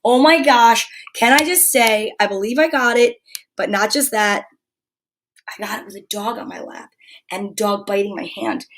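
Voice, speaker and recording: An older woman chats on a relaxed home live stream, her voice sitting a little high. She talks to the viewers and breaks into fond baby talk with her dog. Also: normal speed. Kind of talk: casual live stream chat.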